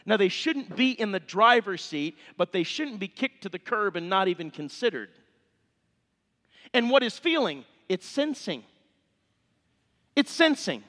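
A man's voice: high-pitched, sing-song, measured pace, pauses often, a bit bright. A middle-aged male pastor, preaching a sermon with fervent, impassioned appeals in a church sanctuary. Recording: long reverb of a church hall.

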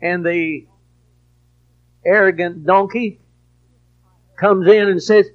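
A man preaching a sermon in a high, unhurried voice. He drops low for storytelling, then rises to loud, emphatic preaching. The recording is dull and lo-fi. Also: steady tone. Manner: preachy, swings from quiet to shouted emphasis.

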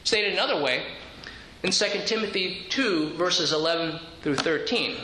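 Guy preaching a sermon, highish bright voice, roomy echo, explains verses bit by bit. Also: expressive, normal speed, slight background noise. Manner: explains scripture step by step, with frequent word repeats. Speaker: pastor.

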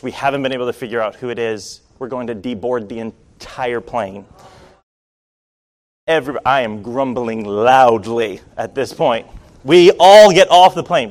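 A man from Rhode Island tells a personal story to a listening crowd, with wry, self-deprecating humor. His voice sits at an ordinary middle pitch, and he keeps the telling lively. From Rhode Island, USA. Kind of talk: storytelling to an audience.

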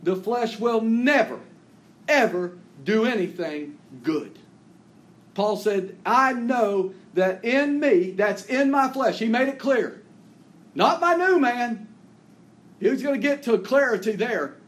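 A man preaching a sermon in an earnest way, reading scripture aloud with rising emphasis and letting his phrases fall low and soft at the ends. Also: lively intonation, takes it slowly. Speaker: pastor.

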